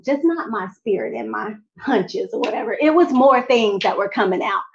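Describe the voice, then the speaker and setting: A young adult woman telling a personal faith testimony in an animated way, talking straight to her audience. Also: a little high, moderate pace, gravelly, lo-fi sound. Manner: animated, addresses audience directly. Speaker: speaker sharing a testimony.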